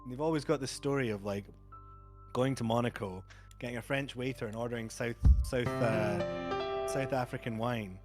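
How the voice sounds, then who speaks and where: A man's voice: medium pitch, moderate pace, over music. A man from Scotland with a Scottish accent, chatting casually on a live stream and telling stories with a joking manner. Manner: chatty, jokey storyteller who laughs often. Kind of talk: casual chat.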